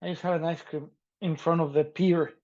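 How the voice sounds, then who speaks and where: A man co-hosting a podcast, talking loudly and excitedly in casual chat and laughing often, with a slight lilt. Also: on the high side, fairly quick, dull audio. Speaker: podcast co-host.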